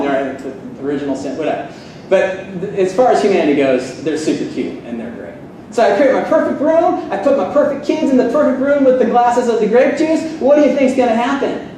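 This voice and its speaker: A man's voice: extremely high pitch, a little mellow. A man giving a sarcastic, fired-up debate speech to a live audience at a seminary. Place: seminary hall. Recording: echoey hall, distant mic.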